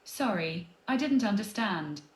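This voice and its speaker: Fields: Type: synthetic female assistant voice. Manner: polite, even. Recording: echoey room. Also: medium pitch, unhurried. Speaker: smart speaker voice assistant. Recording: echoey room, heard through a speaker.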